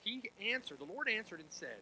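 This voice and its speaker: Bright-voiced man preaching with emphasis. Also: sits high, very animated, a little fast, slight background noise, rough recording. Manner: emphatic preaching with rhetorical "right?" asides; swings between quiet intensity and loud emphasis. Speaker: pastor. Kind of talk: sermon.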